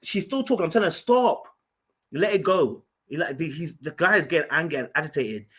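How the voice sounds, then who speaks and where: Husky-voiced man, emphatic storyteller. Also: a little high, animated, rapid-fire, a bit bright. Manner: emphatic, restarts and repeats words. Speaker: podcast host. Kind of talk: casual podcast storytelling.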